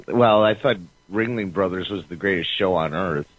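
A man's voice: low-pitched, normal speed, rough recording. A man chiming in as co-host with brief, dry replies during casual radio banter.

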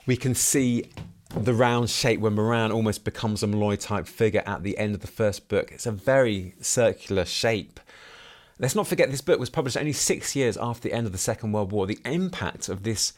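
A man with a lowish voice hosts a book podcast and talks through his thoughts on a novel. He muses reflectively and often poses questions to himself. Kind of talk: book review monologue with read-aloud passages.

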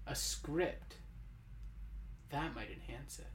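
A man co-hosting a comedy show, delivering absurd bits with an earnest, deadpan manner. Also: mid-range voice, slow pace, slight background noise. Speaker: co-host. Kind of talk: comedy sketch banter.

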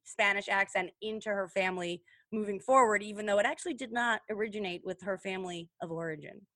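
A woman co-hosting a podcast in casual chat, excitable and rambling, full of fillers and playful imitations. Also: medium pitch, quick pace, no echo. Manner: excitable, lots of fillers, mimics voices. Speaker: podcast co-host.

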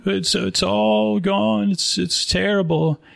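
A man's voice: high-pitched, unhurried, voice pushed up. A man voicing a weeping, heartbroken barber in his fifties. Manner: whimpering and sobbing. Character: weepy heartbroken middle-aged male barber.

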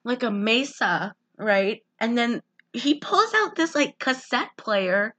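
A woman's voice: a little high, takes it slowly. A woman in casual chat, recapping a film plot animatedly and saying she feels sick. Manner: animated storytelling, flat deadpan when quoting characters.

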